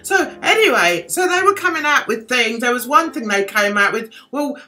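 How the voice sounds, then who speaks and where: A woman's voice: a little high, animated, normal speed, sharp tone, soft background music. A British woman vlogging, gossiping sarcastically with chatty asides. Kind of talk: gossipy commentary vlog.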